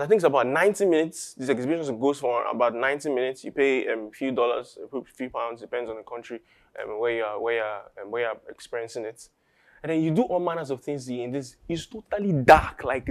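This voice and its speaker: A pastor with a Nigerian English accent, preaching a sermon that builds from quiet musing to loud, emphatic declaration. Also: male voice, mid-range voice. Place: church.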